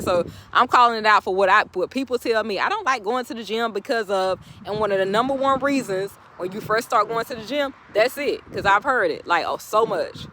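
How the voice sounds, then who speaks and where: A woman's voice: medium pitch, background noise. Chatty woman giving motivational talk. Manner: chatty, encouraging, preachy at times, with frequent laughs. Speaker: motivational speaker and vlogger. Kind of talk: casual motivational talk to camera.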